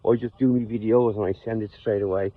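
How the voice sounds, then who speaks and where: An Irish man talking off the cuff outdoors in a personal vlog, halting and often repeating and restarting his words. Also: fairly low pitch, steady tone, dry recording. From Ireland. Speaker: vlogger. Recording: tinny phone-like sound.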